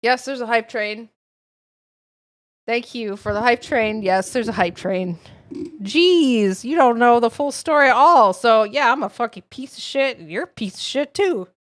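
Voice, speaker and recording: A woman streaming a game live, reading its text aloud and reacting with animated, swearing, mock-angry commentary, her voice strained and going. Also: fairly high pitch, a little slow. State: losing her voice.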